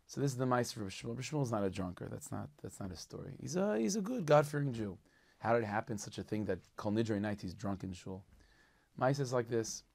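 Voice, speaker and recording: Gravelly-voiced rabbi telling stories. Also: male voice, lowish voice, quick pace. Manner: animated, conversational, peppered with religious terms. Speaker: rabbi and storyteller. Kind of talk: casual spoken storytelling.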